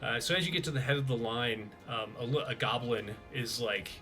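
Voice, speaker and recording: A man's voice: medium pitch, a little fast, pushed and bright, soft background music. A man narrating as game master of a tabletop role-playing game, in a loose, chatty way full of fillers.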